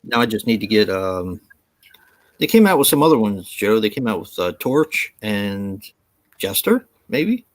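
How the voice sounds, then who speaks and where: Teasing man, lively voice. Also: lowish voice, unhurried, no room sound. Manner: teasing, laughs often. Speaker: podcast co-host. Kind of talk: casual chat.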